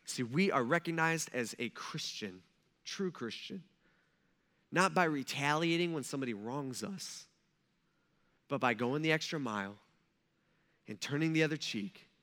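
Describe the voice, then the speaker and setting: A male pastor gives an animated, conversational sermon in a high, bright voice. He keeps it casual and direct, as if talking with the congregation.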